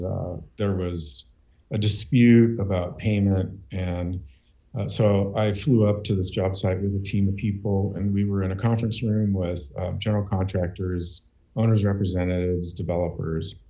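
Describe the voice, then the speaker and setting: A business owner telling a personal story on a panel, measured and hesitant, with many "uh"s. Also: male voice, deep voice, level tone, warm tone.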